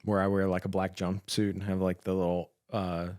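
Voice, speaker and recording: A man co-hosting a podcast about emergency medical work, telling stories with dark jokes and laughing often. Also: sits low, completely flat delivery, fairly quick, dry recording, clean studio sound. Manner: joking, laughs at his own dark humor. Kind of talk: casual chat.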